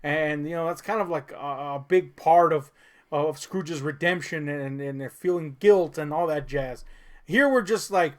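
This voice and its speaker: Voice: medium pitch, a little slow. A co-host ranting sarcastically about a film in a comedic review chat, swearing often, laughing, and rambling with fillers.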